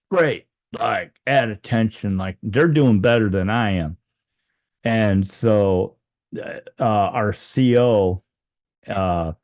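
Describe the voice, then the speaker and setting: Low slow guy rambling through his story, lots of fillers, kinda lo-fi dry sound. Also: darkish tone, dry recording. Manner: rambling, many fillers, restarts. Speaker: near-death experience storyteller. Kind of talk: personal storytelling.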